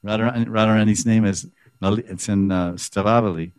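A man's voice: lowish voice, fairly even intonation, brisk, darkish tone, smooth, no echo. A man giving a scripture class, reading a commentary aloud and explaining it, acting out the quoted speakers with animation. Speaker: spiritual teacher.

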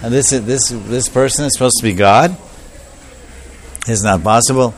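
A man preaching a storytelling sermon, animated and repetitive, acting out the voices of the characters. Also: mid-range voice, moderate pace, pauses often, a little hiss or hum.

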